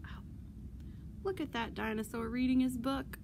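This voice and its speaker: A woman leading a virtual storytime for children as a librarian, speaking in a slow, singsong, animated way with loud playful roars. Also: high voice, creaky, slight background noise.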